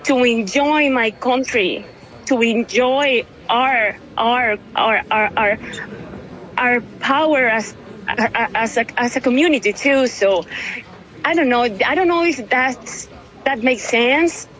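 Tearful woman in her thirties, halting. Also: a little high, fairly bright tone, poor audio. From Venezuela. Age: 30s. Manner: halting, many restarts and repeated words. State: tearful, emotional. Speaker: interviewee. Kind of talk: emotional phone interview.

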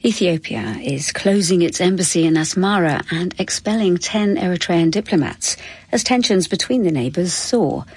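A woman reading a news bulletin in a crisp, formal manner. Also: on the low side, lively intonation, normal speed, a little mellow, dry recording. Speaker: newsreader.

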